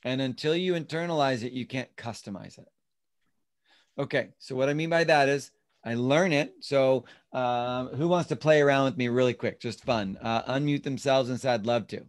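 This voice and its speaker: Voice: mid-range voice, normal speed. An instructor teaching an online class over a video call, explaining step by step and acting out sample lines. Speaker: real estate class instructor.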